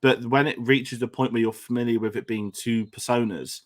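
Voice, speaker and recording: English male co-host, chatty and rambling, mid-pitched voice, casual film talk. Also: steady tone, normal speed. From England. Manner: rambling, with frequent restarts and fillers.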